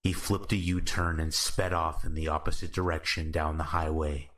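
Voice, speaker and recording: A man narrating horror stories in a slow, measured, calm scripted style. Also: rumbling low, slight background noise.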